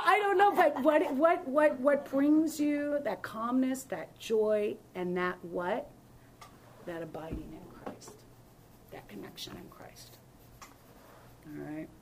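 Woman pastor, Bible study leader, mid-pitched voice, animated storyteller who acts out the other person's lines, faint hiss behind.

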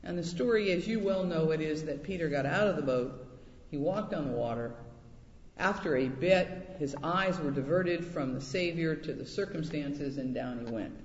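A man preaching a sermon, telling a personal story and acting out quoted voices with lively pitch jumps. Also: normal speed, a little hiss or hum. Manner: animated, acts out quotes in high voices. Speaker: pastor. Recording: echoey hall, dull lo-fi sound.

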